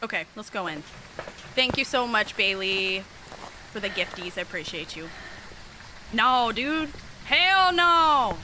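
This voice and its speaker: A woman streaming a horror game, chatting casually with viewers, sassy and swearing freely, with sudden excited yelps. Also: medium pitch, a little slow, pauses often, a little hiss or hum, rough recording. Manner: bursts into excited yelps during scares. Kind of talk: casual live-stream chat over gameplay.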